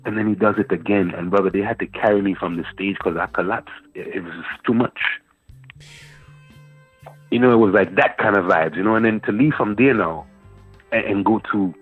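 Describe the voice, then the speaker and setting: Man, guest poet, animated storyteller, deep voice, faint music behind, tinny phone sound. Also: fairly quick, slightly rough. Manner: animated storyteller, repeats words while searching. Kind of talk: storytelling interview.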